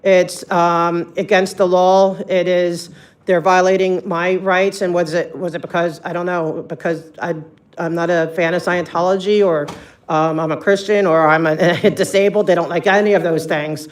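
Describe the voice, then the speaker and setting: A person making a public comment at a meeting. The delivery rambles and hesitates, with frequent ums, in a flat, even tone. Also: mid-range voice, normal speed.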